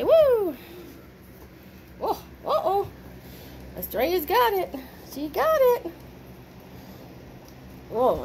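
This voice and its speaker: High, lilting woman cooing at puppies. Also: a little mellow. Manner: playful sing-song baby talk, cheering and praising. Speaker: dog breeder filming her puppies. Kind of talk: casual talk to puppies while filming. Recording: noisy room with puppies.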